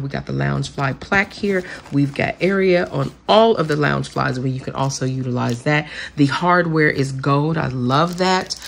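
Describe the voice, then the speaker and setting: A woman's voice: low voice, creaky, a little hiss or hum. A woman chatting enthusiastically through a haul video, saying "y'all" a lot. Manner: gushing, chatty, says "y'all" often. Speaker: vlogger showing purchases. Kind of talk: casual haul video chat.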